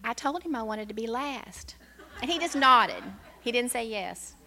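A woman's voice: fairly high pitch, expressive, a little slow, very noisy. An older woman, a grandmother, giving a prepared talk in church, nervous and reading from her typed notes. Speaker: church member sharing a talk.

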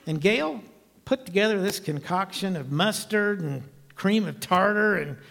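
A man in his sixties preaches from the pulpit, telling his story with earnest emphasis. His voice sits high for a man, and it rings out with a long reverb tail from a large church. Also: expressive, unhurried, vocal fry, a bit bright. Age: 60s. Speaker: evangelist. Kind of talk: sermon testimony.

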